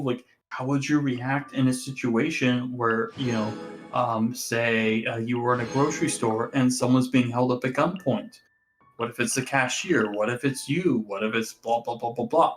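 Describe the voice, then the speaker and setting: A man co-hosts a casual podcast chat, explaining his points hesitantly, with many restarts. His voice sits at a middle pitch for a man. Faint music runs underneath. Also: poor audio. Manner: hesitant, explanatory, laughs easily. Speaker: podcast co-host.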